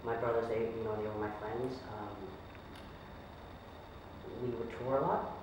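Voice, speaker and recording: A man's voice: mid-range voice, steady tone, measured pace, close to an everyday voice. A man playing a famous male pop star in a comedy sketch, speaking hesitantly with many fillers and restarts. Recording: echoey room, distant mic, noisy.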